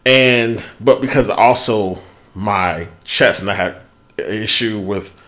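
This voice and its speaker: Man, podcast co-host, casual chat, animated storytelling, frequent swearing. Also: on the low side, slow pace. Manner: animated storyteller, swears freely, lots of restarts.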